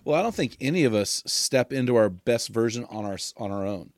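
A man hosting a podcast, talking in an energetic, joking and emphatic way. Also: medium pitch, brisk, no echo, studio quality. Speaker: podcast host. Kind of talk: casual podcast chat.

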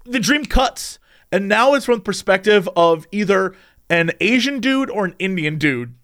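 A man in casual conversation, recounting a strange recurring dream with lively delivery and frequent laughs. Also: high voice, moderate pace, clear, resonant tone. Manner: animated, acts out quoted voices, laughs often. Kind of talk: casual storytelling chat.

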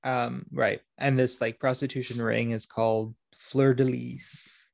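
A man co-hosting a casual chat, joking and relaxed. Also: medium pitch, a little slow, gravelly, dry recording, studio quality. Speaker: podcast co-host.

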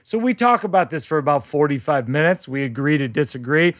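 Man, comic storyteller, deadpan and dry, slightly high voice, close dry sound. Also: brisk, dry recording. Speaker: comedian workshopping a story.

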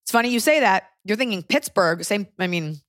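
A woman's voice: mid-range voice, animated, fairly quick, fairly bright tone, no room sound, clean studio sound. A woman hosting a podcast, chatting casually and telling rambling, joking stories with the odd swear word. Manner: chatty, loose storytelling with jokes and swearing. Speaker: podcast host. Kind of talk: casual chat.

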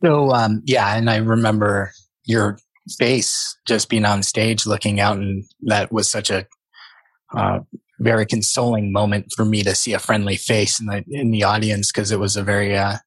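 Low-voiced man, slow and reflective. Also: little pitch movement, dry recording, rough recording. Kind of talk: casual conversation.

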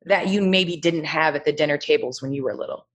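Thoughtful low-voiced woman moderator. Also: fairly quick. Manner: thoughtful, asks questions. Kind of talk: casual conversation.

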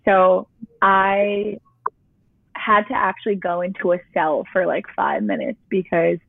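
A woman's voice: medium pitch, fairly even intonation, a little slow, vocal fry, no echo. A young woman telling her personal testimony in a casual, chatty way, with "like" peppered through her sentences. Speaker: guest sharing her testimony. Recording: tinny phone-line sound, dry.

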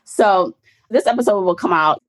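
A woman's voice: mid-range voice, normal speed. A woman hosting a podcast interview, asking casual, chatty questions. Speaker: podcast host. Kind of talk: interview conversation.

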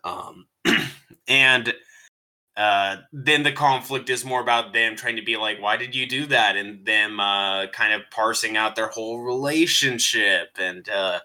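A man with a very bright, forceful voice talks through a movie review in loose, casual chat. He is animated, laughs often and swears freely as he sums up the plot. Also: lowish voice, takes it slowly. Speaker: streamer co-host.

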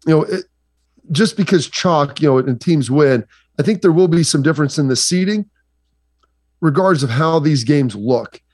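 Male sports talk guest from Ohio, loose and chatty, a bit higher pitched, recorded dry. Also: normal speed, darkish tone, no room sound. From Southeastern Ohio, USA. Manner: rambling, chatty, lots of fillers.

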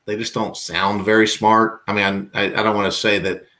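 A man's voice: fairly low pitch, little pitch movement, normal speed, bright, forceful tone. A man from Virginia, a podcast guest, rambling through casual chat with self-mocking jokes and stammered restarts. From Virginia, US South.

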